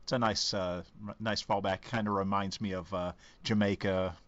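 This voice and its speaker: A man's voice: on the low side, steady tone, normal speed, a bit bright, no room sound, muffled recording. A man co-hosting a casual podcast, talking hesitantly with many fillers and repeated words. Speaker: podcast co-host. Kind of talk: casual chat.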